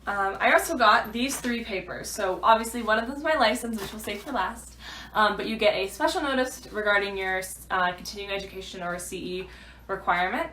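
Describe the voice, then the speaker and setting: A woman's voice: medium pitch, brisk, pushed and bright, slight background noise. A woman, a new realtor, chatting through a rambling vlog update full of fillers. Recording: echoey room.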